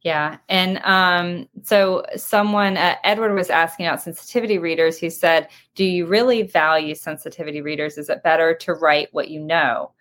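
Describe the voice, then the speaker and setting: Woman host running audience questions, lowish voice, lots of ums, a bit hesitant. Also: fairly even intonation, moderate pace, few pauses, fairly bright tone. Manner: hesitant, many filler ums. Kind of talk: moderating a webinar Q&A.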